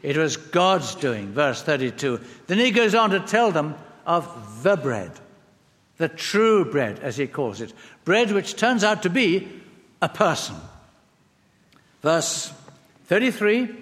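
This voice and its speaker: A man preaching a sermon, expressive and emphatic, with dramatic pauses. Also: on the high side. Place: church. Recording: long church reverb.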